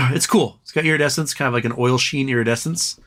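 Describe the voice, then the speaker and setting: A man's voice: medium pitch, a little fast, a bit bright. A man hosting a live stream in casual chat, rambling between topics and reading chat aloud, his voice tiring. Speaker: livestream host.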